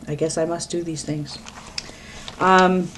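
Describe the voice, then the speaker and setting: This middle-aged woman from Pennsylvania on the US East Coast is a vlogger chatting casually to her webcam alone at home. Her fairly low, slightly bright voice keeps a fairly even intonation and moves slowly as she rambles, often cutting herself off mid-sentence. A little hiss or hum sits under the recording.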